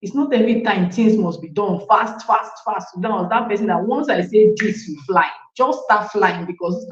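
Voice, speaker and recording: A woman in her thirties from Nigeria, with a Nigerian English accent, giving a casual personal testimony with animated acted-out quotes and asides to her coach. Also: medium pitch, normal speed, echoey room, dull audio. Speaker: parent sharing a testimony.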